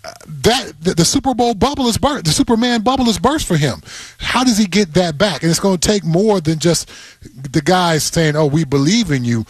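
Sports radio co-host, husky highish voice, gets preachy and rallying, dry mic. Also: male voice, lively intonation, fairly quick, no echo.

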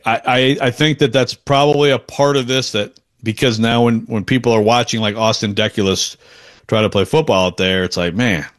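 A man's voice: medium pitch, fairly even intonation, moderate pace, a bit bright. Chatty male sports podcast co-host. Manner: rambling, self-interrupting, chuckles often. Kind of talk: casual sports talk.

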